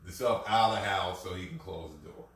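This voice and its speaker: A man's voice: sits low, fast, a bit bright. A man hosting a casual talk show, telling a long rambling workplace story with many restarts. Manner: rambling anecdotal delivery with restarts. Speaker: podcast host. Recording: echoey room, distant from mic.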